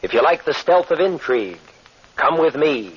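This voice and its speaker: Husky, firm adventure captain, old radio drama. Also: male voice, on the high side, big pitch swings, normal speed. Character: steady heroic adventurer captain. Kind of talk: 1940s radio acting. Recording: dull old radio recording.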